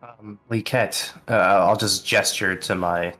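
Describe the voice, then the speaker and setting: A man's voice: lowish voice, steady tone, takes it slowly, bright, forceful tone, faint music behind. A man playing a tabletop game, giving brief, easygoing replies. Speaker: player.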